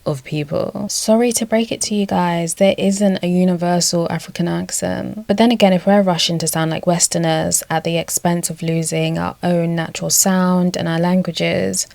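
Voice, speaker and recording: A young woman, narrating a scripted video essay in a measured, argumentative way. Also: fairly low pitch, fairly even intonation, gravelly, a little mellow, no room sound.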